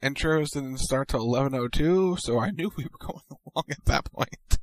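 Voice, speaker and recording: A man co-hosting a casual podcast chat, animated and quick to banter, reading out listener questions. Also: medium pitch, dry recording. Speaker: podcast co-host.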